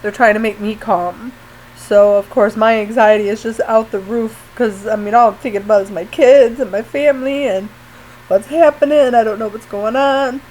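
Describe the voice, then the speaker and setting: Casting: woman, fairly high voice, shaken and tearful vlog confession, faint room hiss behind. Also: fairly even intonation, darkish tone, low-quality recording. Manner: tearful, apologetic, halting with fillers. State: post-surgery, pained when coughing. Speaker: vlogger. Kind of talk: emotional personal story.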